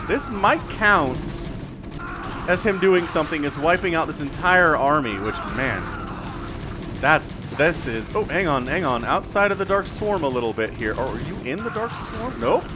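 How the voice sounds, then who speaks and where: A man doing solo play-by-play commentary on a strategy game, excitable and talking straight to viewers and players. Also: on the high side, normal speed. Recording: music bed playing under the voice.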